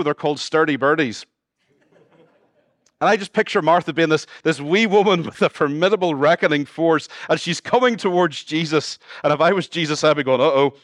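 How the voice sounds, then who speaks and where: This Northern Irish pastor's sermon alternates between lively, funny asides and quiet, earnest pleas to the congregation. His voice is fairly high, and the recording has no room sound.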